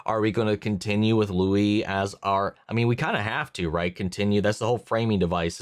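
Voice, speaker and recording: Low-voiced man musing over a show. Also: no echo, clean studio sound. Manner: musing, thinks aloud with many fillers and restarts. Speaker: reaction channel host. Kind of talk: casual post-episode review talk.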